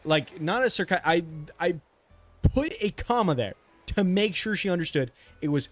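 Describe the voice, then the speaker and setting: A man's voice: high-pitched, lively intonation, moderate pace, a bit bright, no echo, faint music behind. A man streaming a game, venting in a rambling, frustrated way with many restarts and frequent swearing. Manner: swears freely. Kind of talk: casual chat while streaming.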